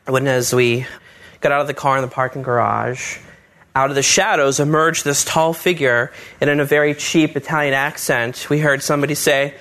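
A man telling his own story live on stage, easygoing and wry, building up to punchlines in a calm, collected way. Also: mid-range voice, moderate pace. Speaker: storyteller, husband of a patient.

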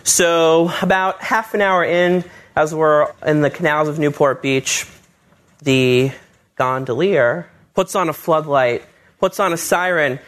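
A man telling his own story live on stage, easygoing and wry, building up to punchlines in a calm, collected way. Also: fairly high pitch, takes it slowly. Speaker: storyteller, husband of a patient.

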